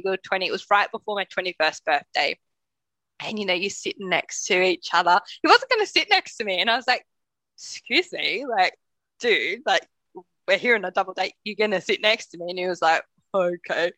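A young woman co-hosts a podcast and tells personal stories in a candid, chatty way, swearing freely and laughing as she goes. Her voice is bright and forward, at a middle pitch. The sound is close and dry. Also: no echo. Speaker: podcast co-host. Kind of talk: casual storytelling chat.

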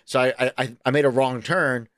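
Animated profane man telling stories. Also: a little fast, no echo, clean studio sound. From New York. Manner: animated, profane, jumps into high excited voices when quoting himself. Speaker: podcast co-host. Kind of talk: casual chat, storytelling.

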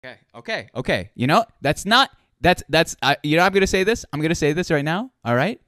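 Rich: A playful male host, teasing and repeating himself. His voice is smooth and resonant, recorded dry with little room sound. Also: fairly high pitch, lively intonation, a little fast, a bit bright, no echo. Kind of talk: casual relationship chat.

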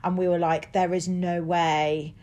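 A woman's voice: on the low side, level tone, measured pace, darkish tone. A young woman telling stories in casual chat, full of fillers and laughs. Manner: chatty storytelling, laughs often, many "like" fillers.

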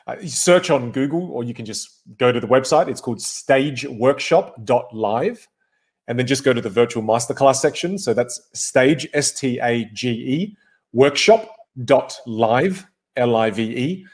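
This is a male voice coach speaking as a guest on a podcast. He talks in an emphatic, energetic coaching manner, at a middle pitch. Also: measured pace. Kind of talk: interview conversation.

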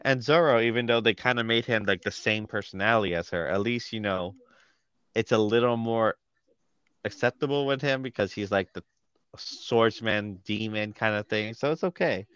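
A man co-hosting a casual podcast chat, opinionated and animated, with lots of fillers. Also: lowish voice, moderate pace, smooth, no echo, highs cut off. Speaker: podcast co-host.

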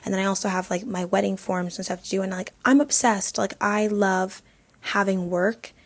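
A chatty young woman in her twenties talks through a solo podcast. Her voice is husky with a gravelly edge, and "like" fills her sentences. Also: medium pitch, steady tone, normal speed. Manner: chatty, heavy use of "like". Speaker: podcast host. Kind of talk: casual solo podcast chat.

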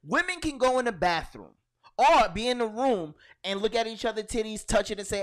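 A man co-hosting a casual podcast, his pitch swinging widely as he rants. He tells stories in a loud, profane, animated way. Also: a little fast. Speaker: podcast co-host. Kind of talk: casual banter.

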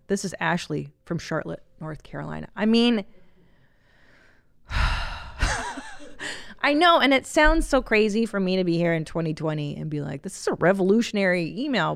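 A woman's voice: mid-range voice, creaky, no echo. A middle-aged woman hosting a casual podcast, reading a listener email aloud and chatting with candid, profane humor. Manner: candid, animated, profane, laughs often. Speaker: podcast host.

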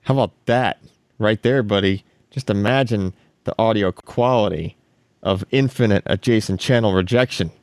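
Man, tech podcast host, lively and chatty, dry close sound. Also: lowish voice, moderate pace, no echo. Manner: animated, laughs often, restarts. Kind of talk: casual podcast chat.

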